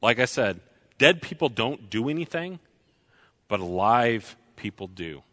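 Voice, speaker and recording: A man preaching a sermon, slow and deliberate, repeating key lines for emphasis. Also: medium pitch, big pitch swings, pushed and bright.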